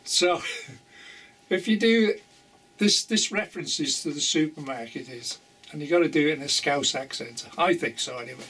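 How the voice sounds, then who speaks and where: A man's voice: fairly high pitch, moderate pace, fairly bright tone, husky, far from the mic. An older man chatting casually to camera about his model railway, rambling and chuckling often.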